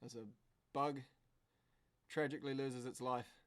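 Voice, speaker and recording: A man calls a car race live on a stream, excitable and swearing, now and then shouting at the screen. His mid-range voice is smooth and a little slow.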